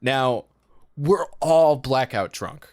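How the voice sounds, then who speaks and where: A man's voice: mid-range voice, expressive, takes it slowly, darkish tone, no room sound, studio quality. A young man co-hosting a podcast, telling a rambling, profane story and laughing often as he goes. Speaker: podcast co-host. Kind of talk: casual storytelling chat.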